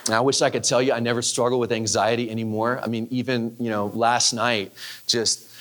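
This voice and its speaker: A man's voice: medium pitch, level tone, fairly quick, fairly bright tone, slight background noise. A man in his thirties preaching a sermon, telling a personal story in a candid, conversational way with frequent restarts. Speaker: pastor.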